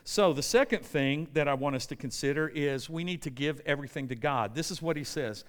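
A man's voice: a little high, a little fast, hardly any pauses. An American man preaching a sermon in a church, telling a story with lots of energy and checking in with the congregation. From United States. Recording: long reverb in a church hall.

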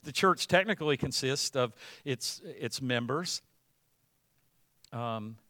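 A man preaching a sermon as pastor, conversational at first, then building to loud, emphatic passages. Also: mid-range voice, animated, slow, dry recording.

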